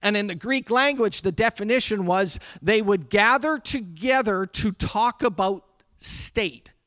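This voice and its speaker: A man's voice: high voice, a little slow, sharp tone, no echo. A man preaching a sermon to his congregation in a conversational way, with asides to the people in the room. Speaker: pastor. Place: church sanctuary.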